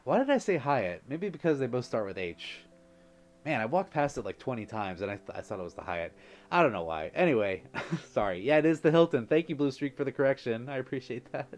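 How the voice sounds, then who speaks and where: A man's voice: mid-range voice, big pitch swings, brisk. A man hosting a casual livestream, effusive and laughing often as he thanks viewers. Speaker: livestream host.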